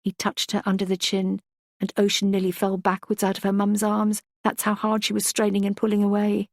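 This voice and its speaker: A woman reads a first-person thriller audiobook at a mid pitch, measured and reflective. Her storytelling is steady and thoughtful. The recording is dry and close, with no room sound. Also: no room sound. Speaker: audiobook narrator.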